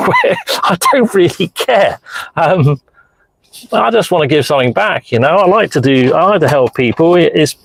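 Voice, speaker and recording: A man's voice: fairly high pitch, creaky, no echo, rough recording. Chatty middle-aged man in a car. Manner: chatty, rambling, answers viewer messages. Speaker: car diagnostics streamer. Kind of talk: casual live-stream chat while driving. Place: inside a car, parked in a lay-by. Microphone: phone mounted hands-free in the car.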